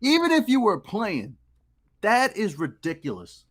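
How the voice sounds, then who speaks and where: A man's voice: high voice, wildly swooping pitch, measured pace. A young man co-hosting a live sports talk stream, joking and ranting in casual banter. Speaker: co-host.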